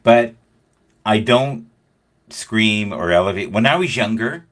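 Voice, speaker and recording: A man's voice: lowish voice, slow pace. A middle-aged man hosting a casual chat, telling stories and acting out the voices of the people in them. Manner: animated storyteller acting out quoted voices. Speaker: host.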